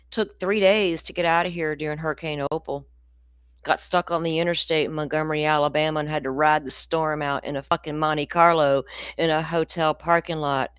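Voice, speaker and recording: A woman's voice: deep voice, smooth, no echo, clean studio sound. Rambling woman streaming true crime. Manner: rambling, profane, ranting. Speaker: true crime livestream host. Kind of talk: casual livestream chat.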